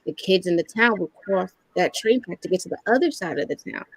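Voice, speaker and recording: A woman in her thirties tells her own story as a podcast guest and lives through the voices of the people in it. Her voice has a gravelly, fry-laced texture, and the recording is dry and close with no room sound. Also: on the low side, brisk, no room sound, rough recording. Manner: candid, animated storytelling that acts out quoted lines. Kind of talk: personal storytelling in a podcast interview.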